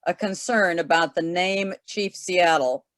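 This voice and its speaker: A woman's voice: lowish voice, measured pace, a bit bright, dry recording. Woman running a zoom talk, asking a question kind of hesitantly, dry sound. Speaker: webinar moderator.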